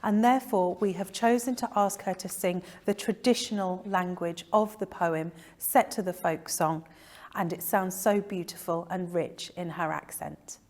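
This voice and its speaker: A woman giving a gentle, measured scripted address at a remembrance service. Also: on the low side, fairly even intonation. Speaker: funeral service presenter.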